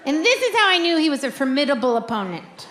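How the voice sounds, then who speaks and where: A woman performing a stand-up comedy set, telling a story and acting out quoted lines with animated delivery. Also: high voice, fast talker. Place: comedy club stage with audience. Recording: live club recording with crowd noise. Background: audience laughter.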